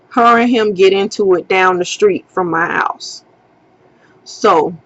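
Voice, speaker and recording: Young woman, storytime vlogger, unhurried, muffled home recording. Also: medium pitch. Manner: animated, acts out quotes, swears freely. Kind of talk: casual storytime.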